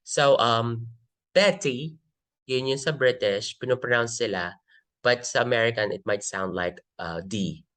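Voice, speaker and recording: A woman with a Filipino accent teaching an English test tutorial, mixing English and Tagalog and drawing words out with many pauses. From Philippines. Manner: switches between English and Tagalog, slow and drawn out with many pauses; lively, sliding pitch when modeling words. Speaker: IELTS tutor.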